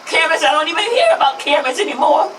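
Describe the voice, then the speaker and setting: A woman in her fifties, a grieving mother, giving an impassioned public speech at a rally. She is emphatic, repeats slogans and her voice rises toward shouts. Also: high-pitched, animated, racing, reverberant, far from the mic, a little hiss or hum, poor audio.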